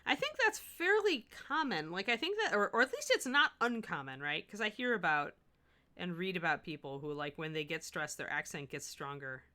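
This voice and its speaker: A woman's voice: fairly low pitch, normal speed. A middle-aged woman hosting a miniature painting livestream, chatting casually and thinking aloud as she works. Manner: chatty, thinks aloud, self-correcting and animated. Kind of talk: casual chat while painting, answering chat.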